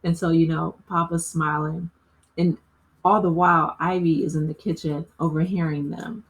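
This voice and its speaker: Chatty woman with a low-pitched voice. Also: steady tone, normal speed. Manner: chatty, filler-heavy with frequent "you know" and "like"; laughs often while talking. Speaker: TV recap channel host. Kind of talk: casual TV episode recap.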